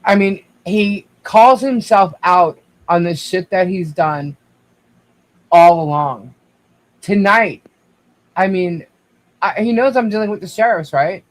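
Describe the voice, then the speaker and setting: A man with a high voice tells his side at length, circling back with restarts and fillers. He keeps turning to speak to the viewers directly in a casual livestream chat. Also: slow pace, long pauses, low-quality recording. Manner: rambling, restarts, addresses viewers. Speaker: guest.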